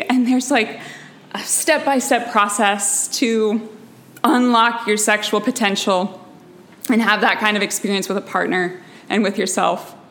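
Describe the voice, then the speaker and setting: A young woman tells a deeply personal story in a slow, unhurried way. Her delivery is intimate and emotional, laughter never far from tears. A faint hum of noise sits behind her. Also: a bit bright. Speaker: storyteller and guest.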